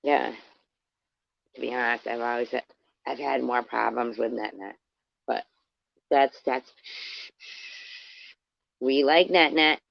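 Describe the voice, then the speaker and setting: A woman rambles through a casual live-stream chat with her viewers, cursing freely and calling out people in the chat by name. Her voice has a gravelly fry to it. The sound is dry and a bit dull, like lo-fi stream audio. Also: a bass voice, slow pace, long pauses, no echo.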